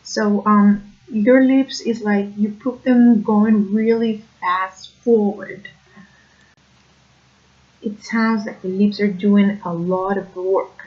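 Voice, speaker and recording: A woman's voice: medium pitch, steady tone, takes it slowly, lo-fi sound. A woman explaining accent features in a video lesson, hesitant and careful, with many fillers. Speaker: accent coach.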